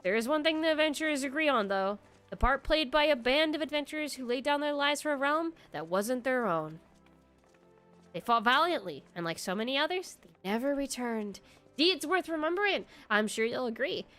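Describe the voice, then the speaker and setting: A woman voicing a motherly female tavern keeper who runs an adventurers' guild, reading game dialogue aloud in a slow put-on southern drawl. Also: sits high, lively intonation. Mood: warm, storytelling. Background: soft background music.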